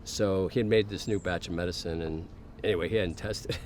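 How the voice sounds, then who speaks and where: A middle-aged man with a very deep voice talks in a casual podcast interview. He tells his story candidly, swears freely and acts out the voices of the people he quotes. A faint hiss of noise sits behind him. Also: steady tone, fairly quick, darkish tone. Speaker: podcast guest.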